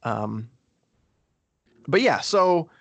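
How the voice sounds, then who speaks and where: A man co-hosts a relaxed game review conversation. He rambles, fills pauses with ums and restarts his sentences often. The sound is dry, with little room around his voice. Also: a little high, vocal fry, no room sound. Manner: rambling, many fillers and restarts. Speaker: podcast co-host. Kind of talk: casual game review chat.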